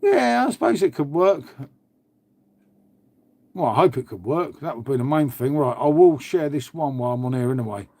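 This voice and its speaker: A man's voice: medium pitch, animated, moderate pace, dark tone, no room sound. A man chatting casually on a live stream, swearing freely and calling everyone "mate". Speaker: livestream host. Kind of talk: casual live chat with viewers.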